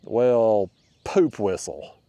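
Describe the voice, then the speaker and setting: A man, chatting to his viewers in a folksy, excitable way while fishing from a small boat. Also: fairly low pitch, extremely slow, no echo. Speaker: fishing vlogger. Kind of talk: casual narration while fishing.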